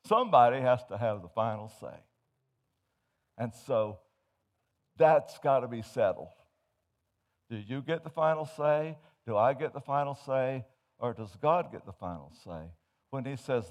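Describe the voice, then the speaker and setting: A man preaching a sermon, telling humorous stories and swinging from hushed to loud as he tells them. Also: medium pitch, moderate pace, pauses often.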